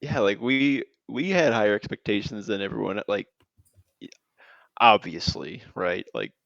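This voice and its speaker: A man's voice: on the low side, normal speed, vocal fry, a bit bright, dry recording. A man in a casual sports podcast chat, dropping dry, wry asides. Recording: slightly dull lo-fi sound.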